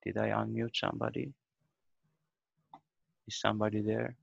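A man's voice: on the low side, flat delivery, normal speed, creaky, husky, no echo. A man teaching a beginner language class online, patient and methodical, breaking words into syllables over a video call. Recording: dull lo-fi video call audio.

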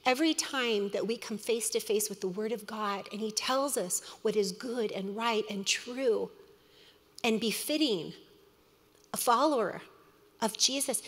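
A middle-aged woman teaching a women's Bible study, earnest and storytelling, with quick asides. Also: on the high side. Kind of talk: sermon. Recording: long hall reverb.

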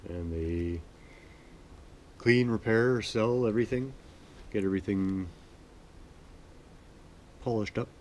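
A man from Manitoba, Canada, chatting in a relaxed, rambling, self-deprecating way as host of his sewing vlog. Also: on the low side, slow pace, pauses often, slight background noise. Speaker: sewing vlogger. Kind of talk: relaxed casual chat.

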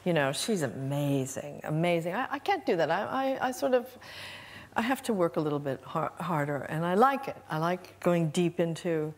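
A woman's voice: on the low side, animated, moderate pace, darkish tone. A woman, a guest actress, talking thoughtfully and self-deprecatingly on a chat show. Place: TV studio.

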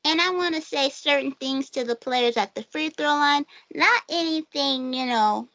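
A woman hosting a casual podcast chat, playful and quick to laugh. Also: sits high, creaky, sharp tone, dry recording, dull audio.

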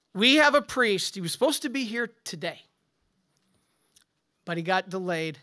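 Speaking at a conference, this male Catholic priest alternates between forceful pronouncements and quiet asides, preaching with emphasis and asking rhetorical questions. His voice is high-pitched.

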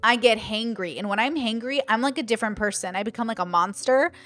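Animated woman chatting to her viewers. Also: fairly high pitch, quick pace, soft background music. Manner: animated, acts out quoted voices; chatty, thinks aloud with many fillers. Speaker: online content creator. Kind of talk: casual livestream chat.

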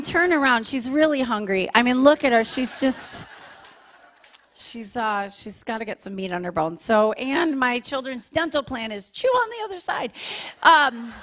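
A woman in her forties performing a stand-up comedy set on stage, chatty and self-deprecating, with quick asides to the crowd. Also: a little high, fairly bright tone. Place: live comedy show in a church venue.

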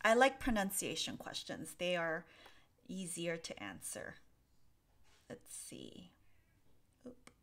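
A woman's voice: fairly low pitch, sing-song, a little slow. A woman English teacher answering viewers' questions on a live stream, explaining patiently with many fillers and reading from a laptop. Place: at a desk with a laptop.

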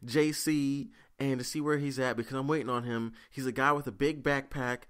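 A man's voice: medium pitch, steady tone, normal speed, a bit bright, smooth, voice pushed up, natural voice. A man voicing a sketchy, pushy old homeless woman who begs insistently. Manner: pleading, insistent.

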